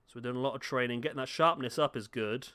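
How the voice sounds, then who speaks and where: Speaking quickly in a mid-range voice, this man sounds bright, forceful, clear and resonant. He's a gaming YouTuber in a room at home, chatting loosely over a football game, calling out to the on-screen players and cracking jokes at his own expense.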